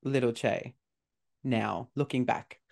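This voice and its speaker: A man's voice: medium pitch, fairly even intonation, slow pace, creaky, a little mellow. A man hosting a casual interview, who asks his guest questions in a friendly, sympathetic way. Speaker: interview host.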